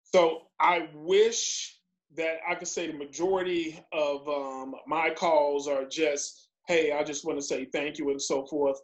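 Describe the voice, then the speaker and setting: A man talking casually on a panel about young men he mentors, relaxed and chatty with small hesitations. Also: on the high side, unhurried, highs cut off. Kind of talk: casual conversation.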